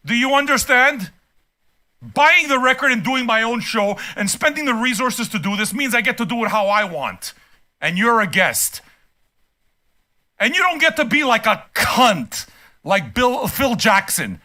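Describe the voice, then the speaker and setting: Blunt, swearing older man, bright voice. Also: extremely high pitch, big pitch swings, measured pace. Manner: blunt, swearing, rising into shouts. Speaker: music reaction host. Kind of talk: profane rant on a music reaction stream.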